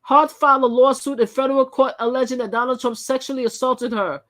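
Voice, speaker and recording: A woman's voice: sits high, fairly even intonation, a little fast, a bit bright. A woman hosting a live channel, reading articles aloud and commenting in a chatty way, often repeating and restarting her phrases. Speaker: channel host.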